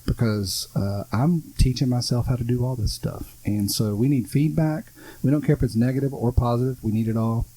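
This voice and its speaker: A man's voice: medium pitch, a little fast, mellow, husky, rough recording. A man co-hosting a podcast in casual chat, blunt and sarcastic, rambling through his points. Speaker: podcast co-host.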